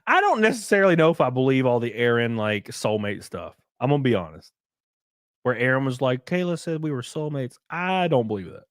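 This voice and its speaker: A man's voice: medium pitch, big pitch swings, a little fast, no room sound, studio quality. A young man from rural Alabama with a Southern accent, rambling through a casual livestream, reading chat, swearing and laughing often. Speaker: livestreamer and race car driver.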